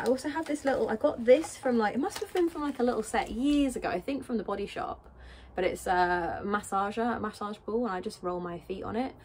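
A woman's voice: medium pitch, a little hiss or hum. A British woman vlogging in a casual, rambling way, thinking aloud as she packs. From Britain. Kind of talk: casual chat while packing.

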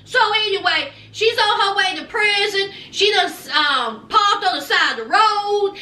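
A woman's voice: very high-pitched, unhurried, few pauses, echoey room, far from the mic. A woman, casually recapping a reality show, acting out people's lines and using folksy slang. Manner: animated, acts out people's lines in voices; folksy slang, "honey", "child". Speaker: recap vlogger.

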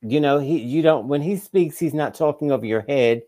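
A man's voice: a little high, dark tone. A man co-hosting a sports and politics podcast, chatting casually with sarcastic jokes. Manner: wry, quick with sarcastic jokes. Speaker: podcast co-host.

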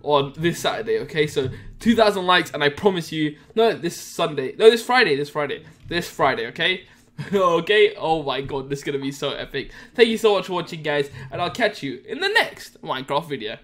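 A young man giving excitable, laugh-filled commentary as he hosts a video of his own game prank. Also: on the high side, a little fast. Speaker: Minecraft trolling video host. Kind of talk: casual gameplay commentary. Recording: faint music behind.

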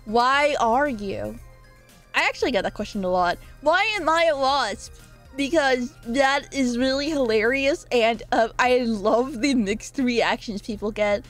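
Young woman streamer, bright high voice, giggly rambling chat, soft music underneath. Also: measured pace. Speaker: live streamer. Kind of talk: casual live-stream chat. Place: her own room.

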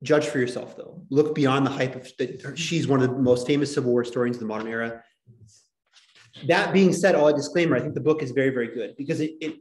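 Casual, digressive male lecturer, average pitch, filler words, recorded in a reverberant classroom. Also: a little mellow. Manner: rambling, digressive, many filler likes. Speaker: history teacher.

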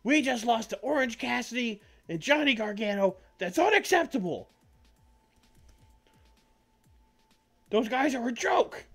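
A man's voice: very high voice, expressive, normal speed, fairly bright tone, soft background music, voice pushed up, full character voice. A man doing an angry wrestler scolding backstage. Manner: scolding, indignant.

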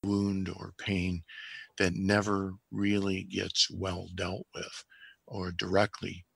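An older man, a physician guest on a podcast, telling a case history in a measured, reflective way. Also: deep voice, completely flat delivery, creaky, fairly bright tone, husky, no room sound.

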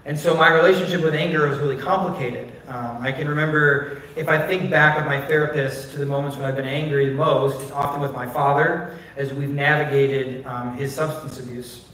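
A man's voice: a little high, steady tone, fairly quick, fairly bright tone. A man pastor preaching a candid, conversational sermon full of personal stories and filler words, recorded on a phone in a church. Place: church sanctuary. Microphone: phone recording from a distance. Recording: distant, very echoey phone stream of a church.

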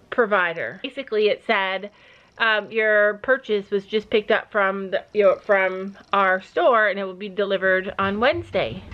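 Woman, middle-aged, casual vlog storyteller, laughs often, muffled home recording. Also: medium pitch. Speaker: vlogger, mother of the family. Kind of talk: casual family vlog chat. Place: family home and horse barn.

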